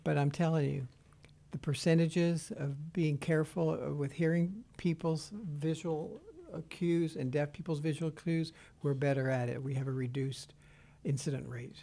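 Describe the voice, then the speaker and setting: A man interpreting sign language into speech in the first person, halting and hesitant as he goes. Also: a little high, steady tone, gravelly, mellow. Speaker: sign language interpreter voicing a deaf guest.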